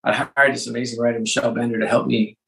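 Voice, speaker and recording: Man, gravelly, interview guest, animated storyteller, casual, many false starts. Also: medium pitch, rapid-fire, low-quality recording. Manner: animated storyteller with frequent restarts and fillers. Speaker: interview guest, sports executive and author.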